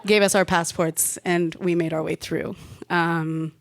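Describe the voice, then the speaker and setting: A woman's voice: fairly low pitch, fairly even intonation, measured pace, a faint crowd. A woman in her late twenties from India telling a personal story to a live audience. She speaks into a handheld stage mic in a chatty, wry way and laughs now and then. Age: late 20s.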